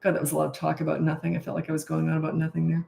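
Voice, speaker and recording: A woman's voice: low-pitched, completely flat delivery, rapid-fire, vocal fry, mellow. Frank, chatty woman in an echoey room. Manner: frank and chatty, laughs at herself. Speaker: parenting coach. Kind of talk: casual live Q&A chat.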